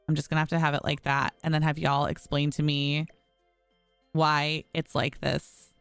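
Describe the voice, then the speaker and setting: Low-pitched, brisk, and creaky yet clear, her resonant voice comes through with no room sound and soft background music. A woman streams a home-building game, chatting away, frequently frustrated, and speaking to viewers as y'all.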